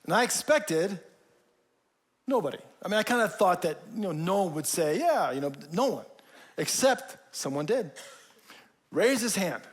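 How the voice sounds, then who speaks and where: A man in his forties giving a sermon, telling a personal story, often dropping to a soft low voice for emphasis. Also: expressive, moderate pace, long pauses. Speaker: pastor.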